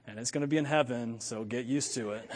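A man preaching a sermon as pastor, animated, swinging from loud emphatic points to low, joking asides. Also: husky, big-room sound.

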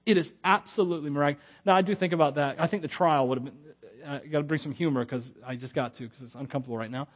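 Pastor, male, high voice, animated humorous sermon delivery with restarts. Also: racing. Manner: animated, acts out quotes with humor, stammering restarts.

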